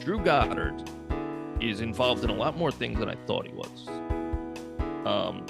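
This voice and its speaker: A man's voice: on the low side, lively intonation, measured pace, vocal fry, loud music behind the voice. A man co-hosting a movie podcast, chatting casually, jokey and rambling, swearing now and then. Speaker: podcast co-host. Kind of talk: casual chat about movies.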